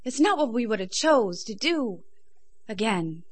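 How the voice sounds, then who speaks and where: A woman's voice: on the high side, very animated, measured pace, breathy edge. A middle-aged woman from England performing spoken word poetry, rhythmic and intense, chatting casually between poems. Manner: rhythmic, intense delivery rising to loud emphatic peaks. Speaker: performance poet.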